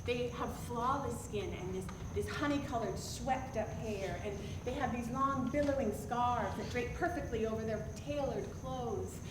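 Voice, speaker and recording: A woman telling a personal story to a live audience, animated and self-deprecating. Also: a little high, moderate pace, hardly any pauses. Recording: roomy, distant mic with background noise.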